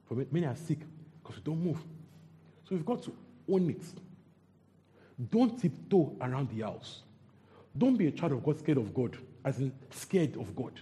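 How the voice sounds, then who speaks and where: A man's voice: on the high side, very animated, moderate pace, long pauses, warm tone. A man preaching a sermon, repeating phrases and quizzing the congregation.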